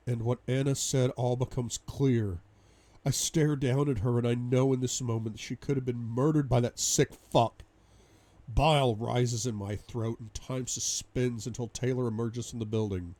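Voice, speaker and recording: A man's voice: medium pitch, moderate pace, mellow. Man reading a first-person audiobook. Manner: intense, dramatic reading. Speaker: audiobook reader.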